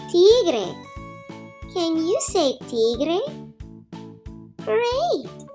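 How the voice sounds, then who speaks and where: A cheerful little girl puppet, voiced by a woman, leads a children's lesson in a very high, bouncing voice. She speaks slowly, stretching words in an encouraging sing-song. Soft music plays behind her. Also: full character voice.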